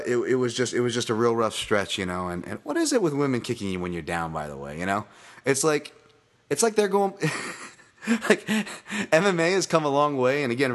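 A man's voice: lowish voice, a bit bright. A man hosting his own podcast, talking casually in a rambling, profane, self-deprecating way, with lots of fillers and tangents and frequent laughs. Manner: many fillers and restarts, tangents. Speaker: podcast host. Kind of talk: casual solo podcast monologue.

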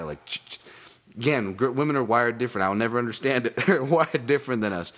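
A man's voice: mid-range voice, lively intonation, fast talker, a bit bright. A man hosting his own podcast, talking casually in a rambling, profane, self-deprecating way, with lots of fillers and tangents and frequent laughs. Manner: many fillers and restarts, tangents. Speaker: podcast host. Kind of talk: casual solo podcast monologue.

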